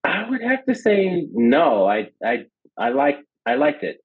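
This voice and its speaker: A man in his thirties, a podcast guest, telling a story in an excited, casual way. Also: a little high, measured pace, husky. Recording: dull lo-fi sound.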